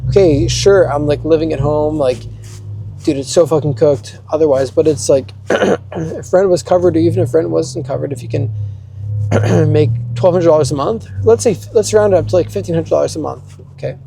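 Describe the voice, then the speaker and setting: A man's voice: a little high, normal speed, creaky, warm tone, soft background music. A young man in a rambling, profane rant, often restarting. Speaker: vlogger. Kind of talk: ranting monologue.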